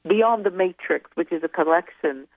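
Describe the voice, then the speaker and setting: On a tinny phone connection with no room sound, a guest author with a lowish female voice talks at a moderate pace. Casual in the interview, she rambles and hesitates while thinking back.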